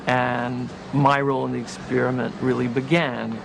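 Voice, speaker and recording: A man's voice: medium pitch, level tone, moderate pace, creaky, noisy background. A man recounting how he joined an experiment, matter-of-fact, in an interview. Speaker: former participant interviewed. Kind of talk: interview recollection.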